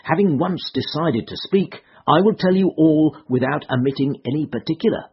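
A frightened landlady mother, played by a male narrator, anxious and pleading, her voice pushed high and strained. It comes across husky and breathy on a dull, lo-fi recording of a storybook. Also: moderate pace. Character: distressed, agitated older landlady mother.

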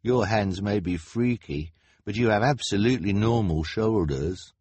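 A blunt, kindly hunchbacked man in a storybook, as a narrator voices him, low and husky in a dry recording. The delivery is plain and matter-of-fact. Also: normal speed, darkish tone, no echo.

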